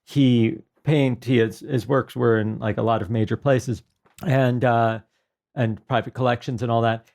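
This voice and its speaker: A man in his thirties from New York talks as a podcast guest, his voice throaty and a little hoarse. He chats freely and makes fun of himself. His pitch sits in the middle range for a man. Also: fairly even intonation, unhurried, a little mellow. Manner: self-deprecating, chatty. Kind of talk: casual interview chat.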